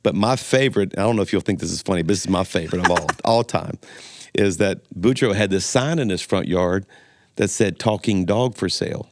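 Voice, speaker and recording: A man's voice: low voice, brisk. A middle-aged man from Louisiana, a pastor and guest telling folksy stories in a casual interview. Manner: folksy storyteller, laughs easily.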